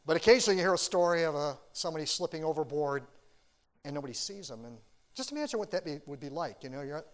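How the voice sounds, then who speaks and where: A man preaching a sermon as a pastor, earnest, swinging from loud urging to hushed quiet. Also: a little high, animated, quick pace.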